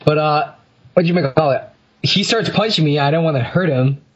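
A man's voice: fairly high pitch, moderate pace, breathy edge, highs cut off. A teenage boy co-hosting a podcast, telling a rambling story with lots of fillers and laughs. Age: teens. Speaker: podcast co-host. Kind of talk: casual chat.

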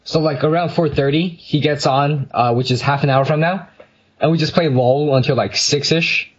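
Teenage guy rambling on a podcast, bit high voice, dull lo-fi audio. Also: moderate pace, slightly rough. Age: teens. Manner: rambling storyteller, lots of fillers and laughs. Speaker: podcast co-host. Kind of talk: casual chat.

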